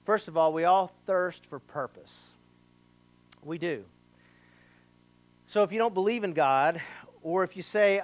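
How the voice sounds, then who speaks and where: Male pastor with a raised pitch; an energetic preacher who jumps between storytelling and direct address. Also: measured pace, long pauses. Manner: animated preaching with acted quotes and asides. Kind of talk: sermon.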